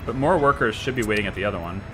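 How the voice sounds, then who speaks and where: A man's voice: fairly low pitch, animated, rapid-fire, music in the background. A man with a Scottish accent giving live gameplay commentary, musing aloud and chatting to viewers and to the little workers in his game. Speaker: streamer.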